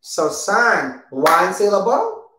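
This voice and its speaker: A woman teaching a preschool circle-time lesson, speaking slowly and patiently, repeating words and praising often. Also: mid-range voice, sing-song, noisy background. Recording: roomy echo.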